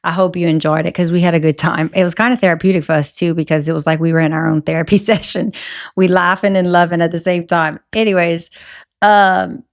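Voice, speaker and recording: A woman's voice: lowish voice, fairly even intonation, brisk. A woman in her thirties hosting her own podcast, chatting casually and rambling off on tangents. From American South. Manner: chatty, rambling, self-interrupting. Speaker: podcast host. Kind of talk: casual solo podcast chat.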